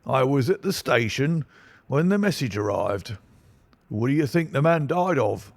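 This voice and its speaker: Guy doing a husky wheezing blowhard police inspector, higher voice, slow and brash, audiobook. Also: lively intonation, no echo. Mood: blustering. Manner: pompous, brash and self-satisfied. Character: stout, blustering middle-aged male police inspector. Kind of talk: audiobook reading.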